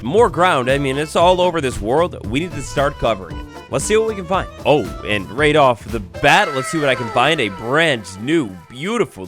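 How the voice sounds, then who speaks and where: A young man giving excited blind-reaction commentary on a video game, swinging between hushed awe and loud exclamations. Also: fairly high pitch. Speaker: gaming YouTuber.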